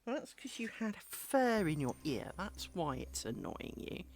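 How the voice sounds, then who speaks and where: A woman's voice: medium pitch, sing-song, measured pace, a little hiss or hum. A woman chatting casually on a live stream from her home, cooing at her dog near her desk microphone. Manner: coos and chats to her dog between remarks.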